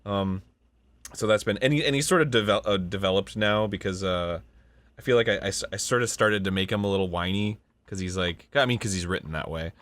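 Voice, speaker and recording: A man's voice: fairly low pitch, a little fast, a bit bright, no room sound. A man in his thirties telling a casual, rambling story about his voice work, often breaking off mid-sentence and swearing. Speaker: voice actor and show host.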